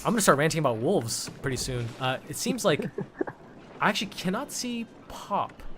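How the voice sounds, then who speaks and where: A man's voice: a little high, very animated, normal speed, a bit bright, a little hiss or hum. A man giving casual live commentary on a strategy game tournament, rambling and restarting words as he goes. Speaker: caster. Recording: music playing behind.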